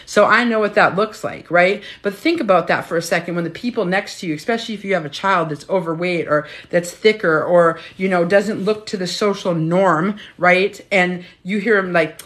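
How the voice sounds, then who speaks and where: A woman's voice: medium pitch, moderate pace, hardly any pauses, fairly bright tone. A woman in her fifties, a weight loss coach, giving a casual motivational talk in a blunt, profane, preachy way, often tagging on "right?". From United States.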